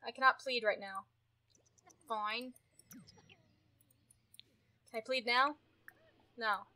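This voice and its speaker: A woman giving casual gameplay commentary, exasperated and often yelling at her characters. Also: fairly high pitch, fairly even intonation, takes it slowly. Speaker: gameplay streamer.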